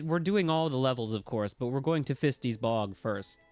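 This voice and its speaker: An excitable man giving live commentary on a video game, swearing freely and yelping at every mishap. His voice sits at an ordinary, middle pitch for a man, with faint game music running quietly behind him. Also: normal speed, few pauses. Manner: excitable, swears freely, yelps and talks to chat. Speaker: streamer. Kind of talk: casual live gameplay commentary.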